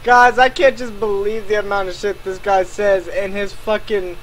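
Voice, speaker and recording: A man ranting angrily about another creator, swearing nonstop and breaking into shouts. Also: high-pitched, flat delivery, normal speed, a little hiss or hum. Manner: swears constantly, swings into shouting and laughing disbelief. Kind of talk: angry reaction rant.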